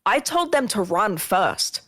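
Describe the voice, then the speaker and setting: A woman telling a ghost story on a casual podcast, animated and swearing often, acting out what people said. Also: medium pitch, slow. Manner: animated, swearing, acts out quotes. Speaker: guest.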